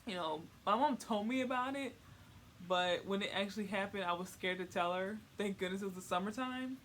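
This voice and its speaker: A young woman vlogger casually telling a personal story, candid and giggly, pausing often to find her words. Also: medium pitch, slight background noise.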